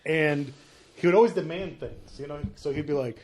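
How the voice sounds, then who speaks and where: A man's voice: on the high side, moderate pace, crowd noise. A man guest on a podcast, telling rambling funny stories and laughing often. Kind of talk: casual podcast chat.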